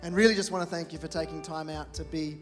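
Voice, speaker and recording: A man introduces the guest speaker at a church service in an earnest, slightly halting way. His voice sits high but stays flat and even, with soft instrumental music playing in the background. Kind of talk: formal introduction.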